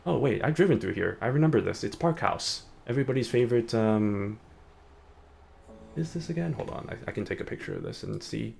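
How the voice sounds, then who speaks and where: A man's voice: medium pitch, animated, brisk, creaky, a little mellow, a little hiss or hum. A young adult man streaming a game, chatting in a rambling way with lots of fillers. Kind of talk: casual gaming chat. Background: faint background music.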